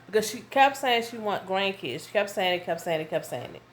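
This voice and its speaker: A woman, telling a casual story to her viewers at home, animated and full of asides. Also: mid-range voice, fairly quick. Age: 30s. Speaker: vlogger. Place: home with her young son nearby.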